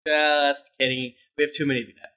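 A man's voice: fairly high pitch, flat delivery, fast, pushed and bright. Joking man reading listener reviews. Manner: jokey, laughs while reading. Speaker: podcast host.

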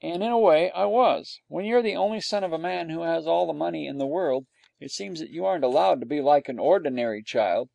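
A man's voice: on the high side, a little fast, gravelly, mellow, no room sound, muffled recording. A man narrating a storybook in the first person as a dog, with wry, dry humor. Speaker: audiobook narrator.

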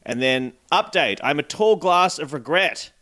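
A man with a slightly raised pitch. He co-hosts a podcast, drops wry, deadpan asides and reads texts out in an offhand way. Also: unhurried. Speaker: podcast co-host. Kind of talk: casual comedic chat, reading posts aloud.

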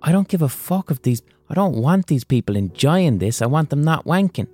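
A man's voice: medium pitch, measured pace, a little mellow, faint music behind, lightly acted. A man doing a zealous puritanical cereal maker. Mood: indignant.

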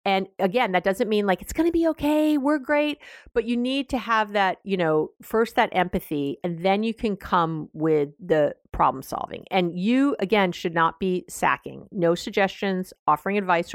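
A woman's voice: lowish voice, creaky, dry recording, studio quality. A middle-aged woman hosting a parenting podcast, talking through advice in a loose, conversational way, often correcting herself and acting out what parents say. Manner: conversational, animated, self-correcting, acts out parent lines. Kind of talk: advice talk.

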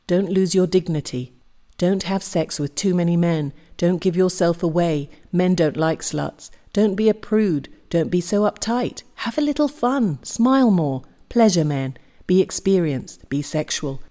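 A woman with a low, warm and mellow voice performs a dramatic spoken-word recitation for her podcast. She delivers a long list of commands with a steady, insistent rhythm. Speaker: podcast host.

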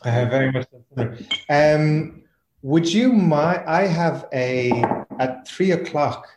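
A man's voice: fairly high pitch, animated, a little slow, echoey room, noisy background. An Irish man, a guest, chatting casually with hesitant repeated starts. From Ireland. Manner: hesitant, repeats his words. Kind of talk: casual chat.

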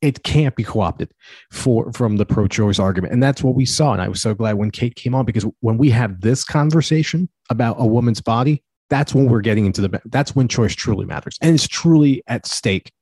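A man's voice: mid-range voice, a little fast, darkish tone, breathy edge, no room sound. A man co-hosting a podcast, making an emphatic, argumentative point in casual chat. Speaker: podcast co-host.

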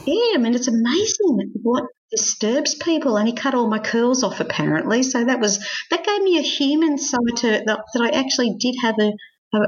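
A woman's voice: a little high, very animated, moderate pace. A middle-aged woman telling her life story in an interview, frank and self-mocking, laughing often. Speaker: guest. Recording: slightly dull lo-fi sound.

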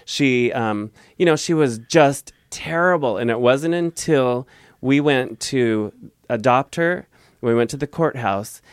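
A man's voice: mid-range voice, slow, smooth, no room sound. A man guest telling a heartfelt family story in a casual interview, earnest and rambling, on a close mic.

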